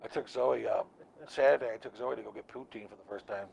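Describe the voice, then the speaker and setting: Gravelly, profane male streamer. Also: fairly low pitch, fairly even intonation, fast, a little mellow, lo-fi sound, a little hiss or hum. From United States. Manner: profane, laughing storyteller. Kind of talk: casual chat while gaming.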